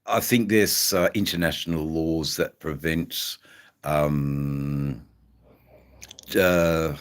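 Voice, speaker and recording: A man's voice: very deep voice, fairly even intonation, drawn-out words, clean tone. An Australian man hosting a livestream, chatting in a rambling, casual way and greeting viewers by name. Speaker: livestream host.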